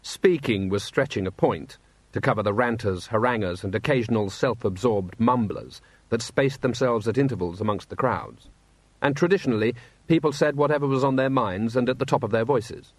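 A man reading a story aloud in a wry, steady narrating voice, acting out the characters. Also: medium pitch, moderate pace, dry recording. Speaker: audiobook narrator. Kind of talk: scripted narration.

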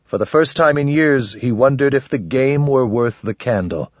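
A man narrating a fantasy novel in a measured, grave storytelling voice, on a dull lo-fi audiobook recording. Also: medium pitch, expressive, dry recording.

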